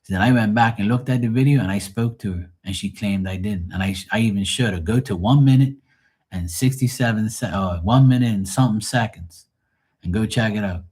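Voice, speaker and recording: A man's voice: lowish voice, a little fast, darkish tone, husky. A man who does live tarot readings, chatting with viewers in a blunt, profane, offhand way. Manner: blunt, profane, talks straight to the chat. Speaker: live tarot reader, streamer. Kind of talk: casual live-stream chat.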